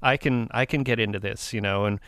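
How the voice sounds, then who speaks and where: A man's voice: fairly low pitch, brisk, a bit bright, smooth, no echo, clean studio sound. A man hosting a podcast, chatting casually and rambling, with many fillers and restarts. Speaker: podcast host. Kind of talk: casual interview and show wrap-up.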